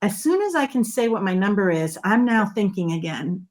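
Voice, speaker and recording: A middle-aged woman guest on an interview show, explaining ideas and telling stories in a lively, emphatic way. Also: mid-range voice, moderate pace, few pauses, soft background music. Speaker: guest, body language expert. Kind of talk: conversational interview.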